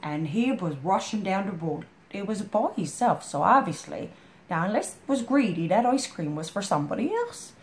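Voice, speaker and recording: A woman's voice: mid-range voice, very animated, moderate pace. A woman reading a storybook aloud, breaking off into chatty, homespun asides as if talking straight to a friend. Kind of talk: reading a picture book aloud with folksy asides. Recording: roomy echo.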